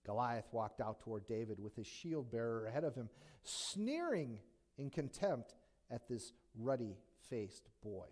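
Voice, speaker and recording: A man's voice: mid-range voice, unhurried. A male pastor preaching a sermon, retelling a Bible story with jokes and many rhetorical questions. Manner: animated, joking, rhetorical questions.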